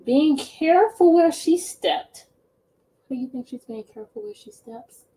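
Slow, lively teacher reading aloud. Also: female voice, high-pitched, poor audio. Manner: slow, expressive, asks children questions. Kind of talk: storybook read-aloud lesson.

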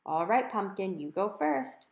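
Here is a patient, cheerful mother who teases gently , voiced by a woman reading a storybook. The tone stays light and even, and the room gives a slight echo. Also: medium pitch, measured pace, lightly acted. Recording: roomy echo.

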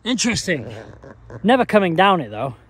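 A man's voice: high-pitched, very animated, normal speed, breathy edge. A man rambling casually in a vlog while out walking, sweary and a bit tipsy. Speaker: vlogger. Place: outdoors on a walking path.

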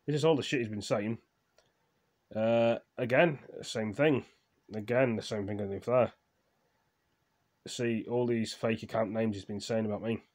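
A man vlogging casually, reading viewer comments aloud in a slow, halting way with fillers, his voice trailing off quietly. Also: fairly low pitch, steady tone. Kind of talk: casual chat.

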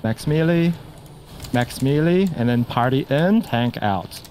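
Man, raid voice chat, repeats callouts fast, swears, mid pitch, faint background hiss. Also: expressive, darkish tone. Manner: calls out mechanics in quick repeated bursts, swears, laughs. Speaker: raid player calling mechanics. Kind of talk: casual voice chat during a game raid.

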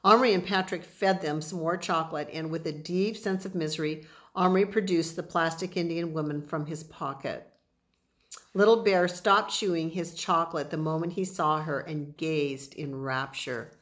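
A woman reading a children's novel aloud, pausing for chatty asides that explain words to her listeners. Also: low-pitched, fairly even intonation, a bit bright. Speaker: reader.

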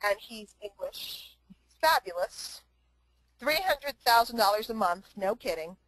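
A woman's voice: medium pitch, lively intonation, measured pace, a bit bright, no echo, low-quality recording. A woman giving a motivational talk to a live online group, emphatic and repetitive, with chatty asides to her listeners. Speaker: motivational speaker and trainer.

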